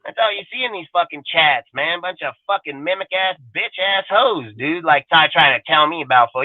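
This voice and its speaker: A man in his forties delivers a crude, heated sports rant, swearing nearly every line and wandering from point to point. His voice sits a little high. The audio is dry and thin, like a phone call. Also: expressive, brisk, few pauses, no room sound. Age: 40s. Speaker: podcast co-host. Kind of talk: profane sports talk rant.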